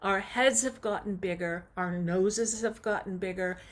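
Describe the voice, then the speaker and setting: A woman teaching a vocal warm-up over a video call, coaching in an encouraging way and singing short demonstration phrases. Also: medium pitch, steady tone, unhurried. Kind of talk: online vocal warm-up lesson.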